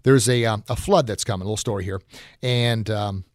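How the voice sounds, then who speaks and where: A man's voice: lowish voice, a little fast, no room sound, clean studio sound. A man hosting a motivational podcast, talking in a folksy, encouraging way with frequent filler words. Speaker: podcast host. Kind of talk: motivational talk.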